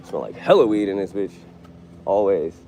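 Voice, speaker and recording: A man's voice: sits low, animated, moderate pace, warm tone, a little hiss or hum. A young man streaming live while driving deliveries, ranting in a casual, heavily profane, irritated way. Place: inside a car on city streets.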